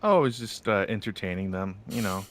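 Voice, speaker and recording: A man's voice: lowish voice, lively intonation, a little fast, a bit bright. A man streaming a game, chatting casually and joking with viewers in a rambling way. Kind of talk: casual live-stream chat.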